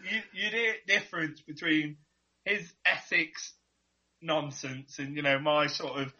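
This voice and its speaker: Midlands-accented man, husky voice, dull lo-fi call audio, crude rambling banter. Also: a little high, steady tone, measured pace, pushed and bright. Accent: English Midlands. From English Midlands. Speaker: podcast guest. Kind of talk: casual podcast banter. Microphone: video call.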